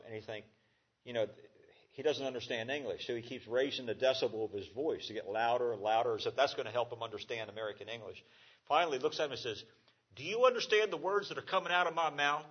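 A man preaching a conversational sermon as a pastor, halting with fillers and restarts. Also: mid-range voice, breathy edge, lo-fi sound.

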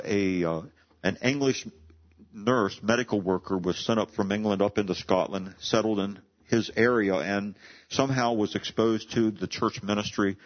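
A pastor with a fairly low voice preaches earnestly, explaining scripture and reading verses aloud with rising emphasis. The audio sounds dull.

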